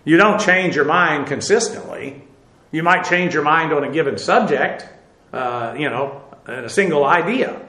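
A man teaching a Bible lesson, explaining slowly with many "uh" fillers and self-corrections. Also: on the high side, bright, forceful tone, reverberant, poor audio. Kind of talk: lecture on Greek verb tenses.

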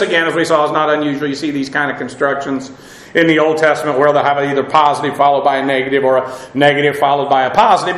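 A man's voice: fairly high pitch, bright, forceful tone, reverberant, poor audio. A man preaching a verse-by-verse sermon, earnest and emphatic, with frequent uhs and repeated words. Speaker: Bible teacher.

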